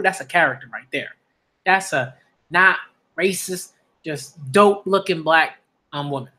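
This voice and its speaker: Excitable man with a bright voice. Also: high voice. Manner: excitable, slangy, repeats himself. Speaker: manga reviewer. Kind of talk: live reading reaction.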